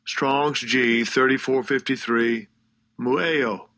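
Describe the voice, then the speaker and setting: A man playing a slow, loud voice that reads out concordance number lookups. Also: mid-range voice, fairly even intonation. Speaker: scripture lookup voice.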